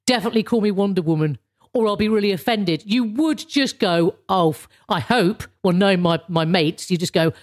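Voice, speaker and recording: A woman's voice: medium pitch, moderate pace. A woman ranting casually to camera in a rambling, sarcastic way, swearing often and restarting her sentences. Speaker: vlogger.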